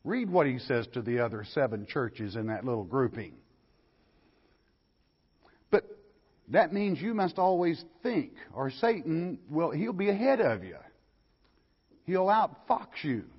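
A man's voice: a little high, sing-song, measured pace, long pauses, slightly rough. An older man, lecturing on scripture as a pastor, folksy and asking his listeners questions. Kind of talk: verse-by-verse Bible lecture. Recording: lo-fi recording in a hall.

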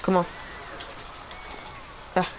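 A man giving live gameplay commentary, excitable, trash-talking in slang and repeating phrases. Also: extremely slow, a little hiss or hum. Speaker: gamer.

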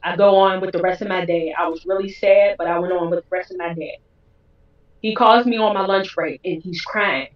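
A woman, a guest, telling a candid personal story in an animated way. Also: on the low side, normal speed. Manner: animated, acts out others' voices in quotes. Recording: roomy, distant, dull sound.

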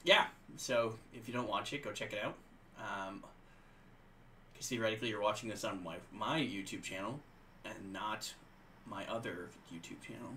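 A man's voice: on the low side, moderate pace, sharp tone, a little hiss or hum. A young man acting as game master, chatting casually and laughing often between rambling, restarting sentences. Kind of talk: casual chat around a tabletop game.

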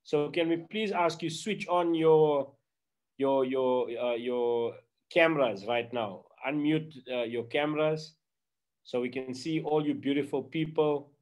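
A man's voice: fairly high pitch, measured pace, darkish tone. A man with a South African English accent, presenting chattily and upbeat to a church group on a video call. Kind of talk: casual online meeting presentation.

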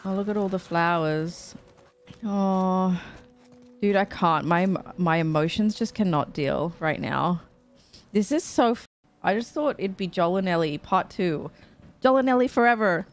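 A woman streamer with a lowish, unhurried voice gives chatty, emotional let's play commentary. She swears freely as she reacts to the game.

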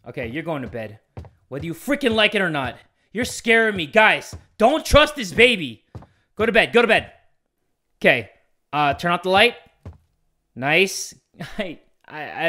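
A man's voice: a little high, sing-song, normal speed. Jumpy young man narrating a creepy game. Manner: jumpy, yelps and shouts when startled, reads game prompts aloud; casual slangy chatter. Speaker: gaming YouTuber. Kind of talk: let's play commentary.

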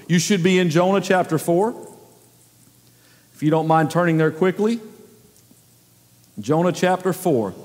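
A man preaching a sermon as the pastor, emphatic and full of rhetorical questions. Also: fairly high pitch. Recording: long reverb of a large hall.

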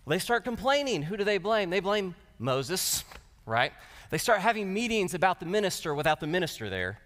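A man preaching in a large hall, his sermon ringing with a long reverb. His fairly high voice swings widely in pitch as he moves between scripture and wry, joking asides. He sounds lively and engaged with his listeners. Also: normal speed. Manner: animated, with humorous asides. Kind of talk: sermon at a lectureship.

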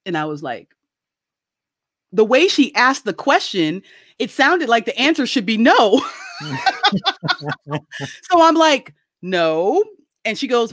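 A middle-aged woman telling a casual story on a video call, animated and laughing often as she acts out quoted voices. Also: on the high side, slow, pauses often, no room sound, studio quality. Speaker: guest.

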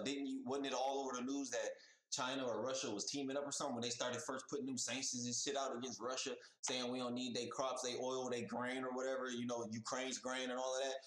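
A man's voice: medium pitch, reverberant, rough recording. A man hosting a reaction video, talking in a casual, profane, slang-heavy way, repeating his points with lots of emphasis. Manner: animated, profane, street slang, repeats himself. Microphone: headphones on, desk mic.

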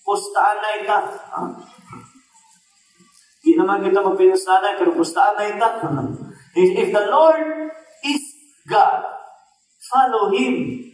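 Filipino pastor guy w cebuano accent, high voice, preaching in a big echoey hall. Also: unhurried, long pauses. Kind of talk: sermon. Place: church service in a hall. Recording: echoey hall from a distant mic.

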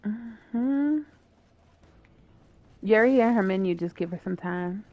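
A woman's voice: medium pitch, lively intonation, slow pace, no room sound, muffled recording. A woman streaming a co-op video game, chatting playfully and swearing while she plays. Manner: playful, swears and laughs often. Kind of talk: casual gaming chat.

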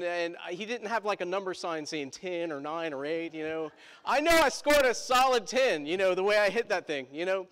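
A man's voice: high voice, fairly bright tone, long reverb tail. A male pastor telling a story in a sermon, chatty, with asides to the congregation.

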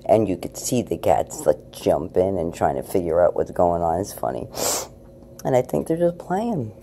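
A woman's voice: a bass voice, big pitch swings, moderate pace, mellow, slight background noise. A woman filming a casual night-time vlog at home on a handheld camera, chatty and spiritual, sometimes slipping into baby talk with her cat. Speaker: paranormal video blogger.

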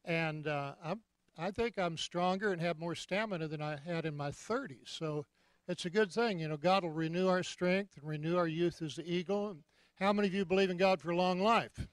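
A man in his seventies preaching a sermon, jovial and joking, breaking into loud shouts of praise. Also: sits high, normal speed, no echo. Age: 70s. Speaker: guest preacher.

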